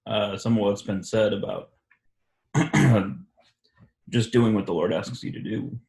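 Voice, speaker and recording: Halting, reflective man in an echoey room. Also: lowish voice, vocal fry, a little mellow. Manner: halting, full of restarts and fillers. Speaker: discussion host. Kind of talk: reflective religious discussion.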